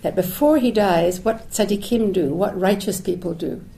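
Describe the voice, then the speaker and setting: A woman's voice: mid-range voice, normal speed, creaky, dark tone. A woman giving a reflective public lecture, thinking aloud with restarts and asides, dropping Hebrew phrases into her talk. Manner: thoughtful, searching, with restarts and asides. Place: lecture hall.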